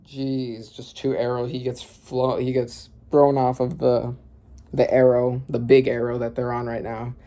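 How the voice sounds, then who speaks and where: A man reading through a manga chapter aloud and reacting, often bursting into loud exclamations and swearing. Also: mid-range voice, flat delivery, a little slow.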